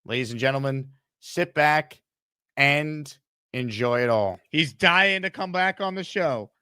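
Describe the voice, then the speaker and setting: Brash host of a sports talk show. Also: male voice, a little high, sharp tone, clean tone, no room sound, clean studio sound. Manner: brash, quick, joking.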